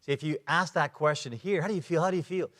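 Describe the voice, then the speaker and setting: A man giving a lively talk at a men's conference, acting out short dialogues and sound effects as he explains. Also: a little high, quick pace. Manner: animated, acts out little dialogues and sound effects. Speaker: conference speaker. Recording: long reverb of a large hall.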